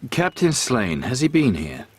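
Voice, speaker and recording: An actor playing a blunt, impatient pirate captain in a video game. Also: male voice, mid-range voice, wildly swooping pitch, measured pace, slightly rough, dry recording, exaggerated voice. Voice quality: curt, dry-witted.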